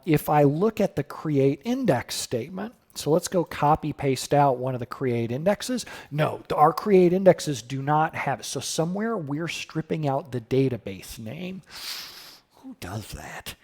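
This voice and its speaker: A man's voice: fairly high pitch, darkish tone. A middle-aged man live coding on a stream, thinking aloud casually with sudden surprised exclamations and answering chat questions.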